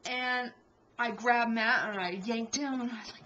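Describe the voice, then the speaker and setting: A young adult woman telling a story in a casual vlog, animated and exasperated. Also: a little high, normal speed, slight background noise, poor audio. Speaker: vlogger.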